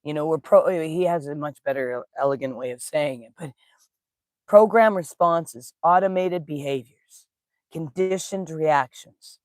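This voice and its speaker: In a studio-quality recording free of echo, a spiritual teacher speaks a little slowly in a mid-range voice. The live-streamed talk is casual, full of stories and folksy slang, with easy laughter and hellos to viewers in the chat.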